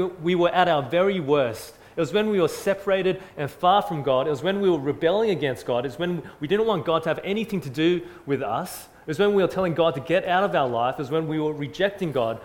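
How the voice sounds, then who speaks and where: Earnest male preacher. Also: a little high. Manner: earnest preaching, repeating phrases for emphasis, shifting from loud to soft. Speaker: pastor. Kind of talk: sermon.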